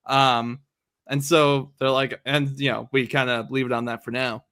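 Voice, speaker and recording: A man's voice: mid-range voice, brisk, bright, forceful tone. A man hosting a casual chat about comics, laid back and laughing often while he quotes characters. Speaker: host.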